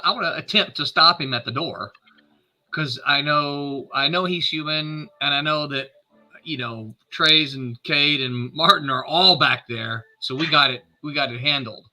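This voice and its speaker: Guy at a tabletop game, bright voice, stumbles and restarts a lot. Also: fairly high pitch, normal speed. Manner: hesitant, restarts often, laughs. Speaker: player. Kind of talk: tabletop role-play, casual.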